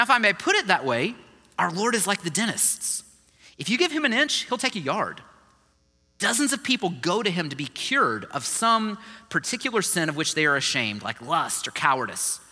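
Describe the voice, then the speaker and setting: A male pastor preaching with a high, very bright and sharp voice that swings widely up and down. His delivery is conversational and animated. The sound rings with a long reverb, as in a big hall. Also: normal speed, slightly rough. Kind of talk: sermon.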